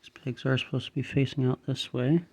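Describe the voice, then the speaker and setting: A man's voice: medium pitch, brisk. A man with a light Southern accent, casually talking himself through assembling a toy model step by step. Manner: relaxed, talks himself through each step. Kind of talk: casual step-by-step building commentary.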